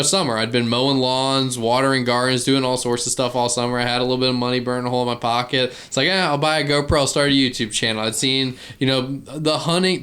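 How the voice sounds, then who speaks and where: A man in his early twenties from Virginia with a light Virginian accent, a guest chatting in a relaxed, easygoing way. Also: mid-range voice. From Virginia, USA. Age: early 20s. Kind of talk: casual chat.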